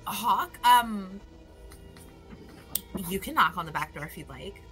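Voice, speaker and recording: A woman playing a tabletop game, joking and self-mocking in a casual, quick manner. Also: mid-range voice, lively intonation, sharp tone, soft background music. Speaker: player.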